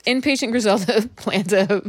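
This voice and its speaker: A woman in casual conversation, loose and giggly with a loopy, profane way of retelling things. Her voice sits in a middle pitch and sounds close and dry, with no room around it. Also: normal speed, breathy edge, no room sound. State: a little loopy. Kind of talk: casual chat.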